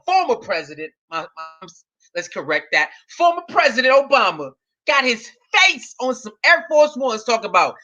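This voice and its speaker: A man's voice: extremely high pitch, very animated, normal speed, bright, forceful tone. A man hosting a live stream, giving casual reaction commentary and reading chat aloud, laughing often and repeating his phrases.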